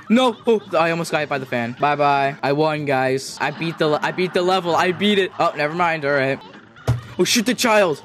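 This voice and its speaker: Young male gaming host, higher voice, jokey, loud outbursts, faint game music under. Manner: excitable, jokey, yells when losing. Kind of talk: gameplay commentary.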